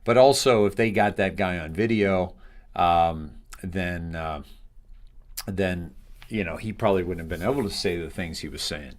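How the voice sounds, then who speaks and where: A man hosting a live show, talking in a rambling, halting way with lots of fillers. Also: deep voice. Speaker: host.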